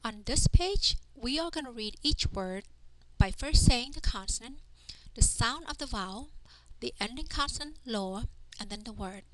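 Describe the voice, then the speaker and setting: Woman teacher spelling out syllables slow and patient, voice a bit high, lesson voice-over. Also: animated, a bit bright. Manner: patient, sounds out syllables one by one. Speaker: language teacher.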